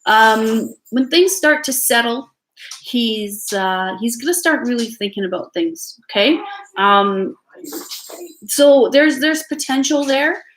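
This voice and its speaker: A fairly high-pitched, bright-toned woman with a Canadian accent reads tarot live from home, animated yet slow-paced. The recording is rough, family noise sounds nearby, and her chatty, soothing talk is peppered with fillers and false starts.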